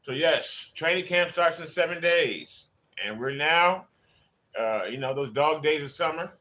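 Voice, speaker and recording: Bright, slightly high male host, chatty and friendly with live chat viewers. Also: measured pace. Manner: chatty, greets viewers by name. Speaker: livestream host. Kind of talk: casual livestream chat.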